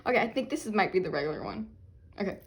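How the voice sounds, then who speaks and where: A young woman chatting casually while unboxing albums, excitable and quick to squeal and laugh. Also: medium pitch.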